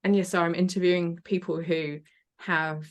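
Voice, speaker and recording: Woman guest, lowish pitch, chatty and eager, quick to laugh. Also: fairly even intonation, dull audio. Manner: chatty, enthusiastic, laughs often. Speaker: podcast guest. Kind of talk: casual interview chat.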